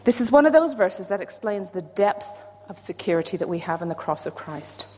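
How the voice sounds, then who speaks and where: A woman's voice: mid-range voice, a little fast. Playful woman preaching in a hall. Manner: playful, self-deprecating, animated emphasis. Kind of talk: sermon. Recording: long hall reverb.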